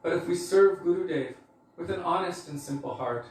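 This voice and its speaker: Recorded from a distance in an echoey hall with slight background noise, a preacher shares a personal story at a moderate pace. His voice sits high, and his casual, conversational telling is full of fillers.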